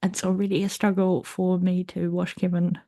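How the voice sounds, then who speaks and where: A young adult woman hosting her own podcast, talking candidly and at length about her week, with restarts and soft laughs. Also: lowish voice, flat delivery, moderate pace, no echo, clean studio sound. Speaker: podcast host. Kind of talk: personal confessional monologue.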